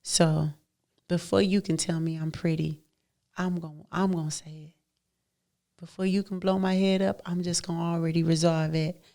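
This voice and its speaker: A woman's voice: on the low side, level tone, normal speed, gravelly, warm tone. A woman, hosting a heartfelt solo podcast, emphatic and repetitive, laughing often. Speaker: podcast host.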